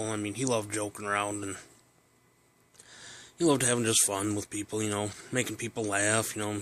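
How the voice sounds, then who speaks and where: A man's voice: on the low side, sharp tone, a little hiss or hum. A man casually telling a personal story, rambling with fillers and restarts.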